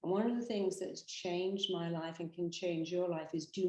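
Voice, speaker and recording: British woman speaking with emphatic, animated energy. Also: lowish voice, normal speed, few pauses, reverberant, rough recording. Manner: emphatic, animated storytelling with acted quotes. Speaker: therapist and hypnotherapist. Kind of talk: motivational talk to camera.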